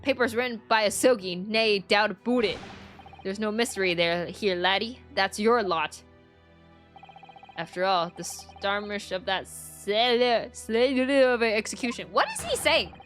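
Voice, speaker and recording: A gruff, testy Scottish prison warder with a shaky, shifting brogue, as a woman reads him from a video game. He is brusque and dismissive, and his voice sits at a middling pitch with some faint music underneath. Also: unhurried, a bit bright, lightly acted. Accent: put-on Scottish, inconsistent. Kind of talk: reading game dialogue aloud.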